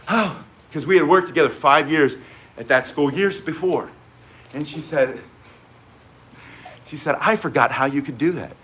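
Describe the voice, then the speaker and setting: Male self-defense instructor, high-pitched, blunt, emphatic, for casual teaching talk. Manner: emphatic, blunt, animated storyteller. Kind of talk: casual spoken teaching with stories.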